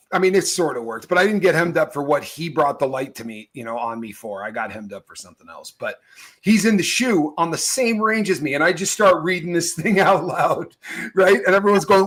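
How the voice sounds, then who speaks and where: A middle-aged man who tells stories with lively energy and laughs through his sentences. His voice sits fairly high for a man, and he talks in loose slang as a show host. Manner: animated storyteller, laughs mid-sentence, slangy. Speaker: podcast host. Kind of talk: casual storytelling chat.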